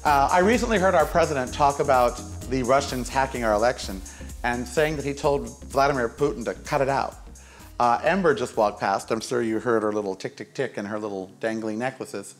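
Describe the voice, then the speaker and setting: A man's voice: mid-range voice, fairly quick, soft background music. A middle-aged man hosting his own show, delivering a sarcastic, campy opinion rant in casual talk. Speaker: host.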